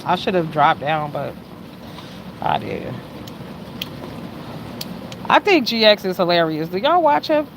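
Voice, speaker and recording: A woman around fifty hosts a loose livestream chat, talking straight to her viewers. She swings from loud bursts down to quiet asides. There is a faint hiss of noise behind her. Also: big pitch swings, slow pace, long pauses. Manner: chatty, swings from loud exclamations to low mutters. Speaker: livestream host.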